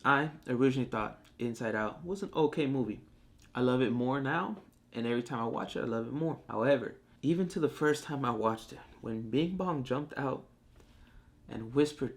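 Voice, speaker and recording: A man's voice: medium pitch, brisk. A man reviewing a TV show in casual, profane talk, acting out the characters as he goes. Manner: animated, profane, acts out characters.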